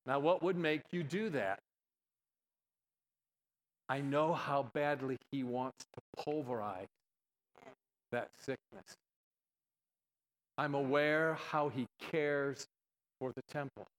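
A man's voice: mid-range voice, slow pace, long pauses, rough recording. A man preaching a sermon, telling a story and acting out both sides of the dialogue with animation.

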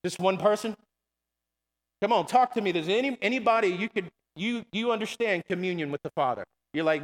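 A man's voice: high voice, lively intonation, a little fast. A man preaching a sermon in a church, calling to the congregation with repeated "come on" and "amen". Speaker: pastor. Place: church sanctuary. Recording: long hall reverb.

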